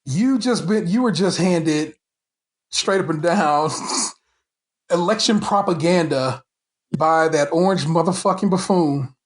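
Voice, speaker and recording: A man's voice: fairly high pitch, takes it slowly. A man hosting a casual podcast chat, ranting with heated, profane frustration and stumbling restarts. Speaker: podcast host.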